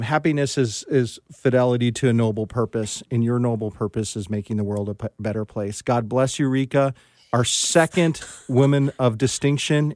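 Man, mid pitch, ceremonial award speech, repeats words, dry studio. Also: darkish tone, no room sound. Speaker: Girl Scouts council chief executive. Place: radio studio.

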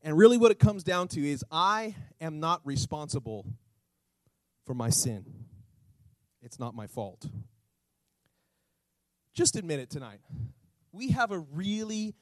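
A man pastor preaching a sermon, animated, asking the congregation rhetorical questions and acting out little scenes. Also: a little high, measured pace, pauses often, no echo, low-quality recording.

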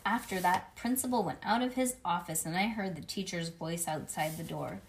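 A woman reading a children's book aloud in a lively way, breaking off now and then for playful asides. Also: on the low side, normal speed, a little hiss or hum. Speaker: reader.

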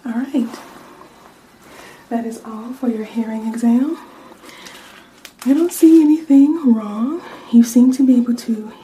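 Woman, whispered role-play, hearing exam, slow soothing whispers, faint room ambience. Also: on the high side, slight background noise, rough recording. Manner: soft, slow and soothing, whispering word lists into each ear. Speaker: ASMR role-play examiner giving a hearing test.

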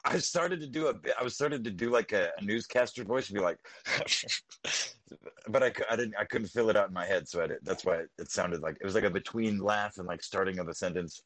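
Low-voiced guy rambling on a podcast, swears a lot, dry close sound. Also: fast talker, few pauses, a bit bright, dry recording, rough recording. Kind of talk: casual chat.

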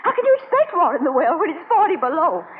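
A fretful homesick young wife. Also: female voice, sing-song, racing. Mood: pleading. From Atlanta, American South. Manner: pleading, dramatic, high-strung. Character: highly strung young woman, homesick and fretful. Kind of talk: 1940s radio drama acting. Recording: tinny, noisy old radio broadcast.

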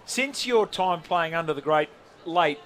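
A man's voice: fairly high pitch, lively intonation, measured pace, fairly bright tone, a little hiss or hum. A man with an Australian accent hosting live sports radio, upbeat and steering the conversation. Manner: upbeat, steering the talk, reading out numbers. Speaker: radio host.

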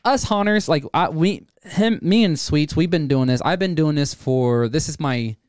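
A man's voice: on the high side, normal speed, a little mellow, no room sound, clean studio sound. Profane, rambling man in his thirties. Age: 30s. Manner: rambling, profane, lots of fillers and restarts. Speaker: haunted attraction actor. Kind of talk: casual storytelling interview.

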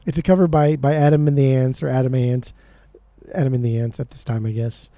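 A man co-hosting a podcast in casual chat, excitable and swearing often as he talks about music. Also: medium pitch, a little fast, no room sound. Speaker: podcast co-host.

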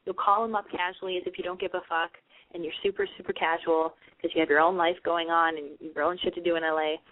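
A woman's voice: on the low side, steady tone, fast. Blunt, profane woman on a tinny phone line. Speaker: call-in radio advice host. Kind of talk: casual call-in advice show. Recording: phone-line quality, dry.

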